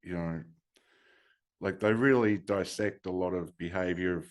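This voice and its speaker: A man's voice: deep voice, fairly even intonation, moderate pace. A man hosting a podcast, talking in an easygoing, agreeable, chatty way. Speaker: podcast host. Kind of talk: casual podcast chat.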